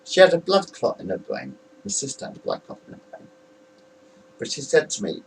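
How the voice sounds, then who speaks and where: A man's voice: medium pitch, wildly swooping pitch, a little fast, creaky, recorded from a distance, slight background noise, low-quality recording. A man in his forties recalling family stories to camera in a candid, rambling way, laughing between them. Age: 40s. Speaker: man filming a home video about his family. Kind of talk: rambling personal recollection to camera.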